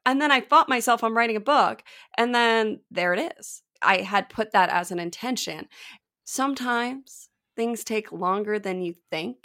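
A woman's voice: fairly high pitch, moderate pace, a bit bright. A woman hosting a podcast interview, telling a personal story in a reflective way. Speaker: podcast host.

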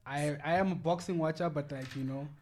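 A young man with a high voice, animated in casual podcast banter. He is full of slang and keeps calling his co-host "bro" or "dog." It sounds like loose talk among friends. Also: a little fast, a little hiss or hum. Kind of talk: casual chat.

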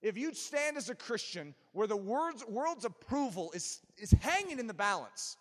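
A man preaching a sermon, emphatic and animated, with touches of self-deprecating humor. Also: high voice, moderate pace. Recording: long reverb of a large hall.

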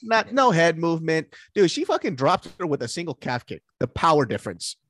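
A man with a mid-range voice chats on a podcast, telling stories and joking. His pitch jumps around a lot when he gets worked up. The recording is close and dry, with no room sound. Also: brisk, no room sound. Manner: joking, storytelling, animated. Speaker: podcast co-host. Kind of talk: casual chat.

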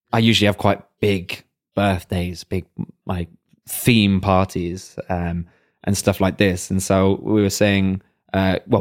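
Dry-witted English man, low voice. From England. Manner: dry teasing humor. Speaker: podcast co-host. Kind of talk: casual chat.

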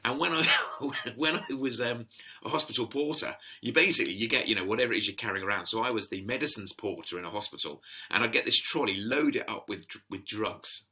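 A man, chatting as an interview guest and telling stories, animated and quick to laugh, often acting out the voices of people he quotes. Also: on the low side. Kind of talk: casual storytelling interview.

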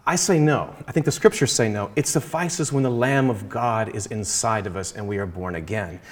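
An earnest man explains his Christian faith in a conversation. He talks in a measured way, often pausing and restarting, and draws out key phrases to stress them. He quotes scripture as he goes. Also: on the low side. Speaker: Christian guest speaker.

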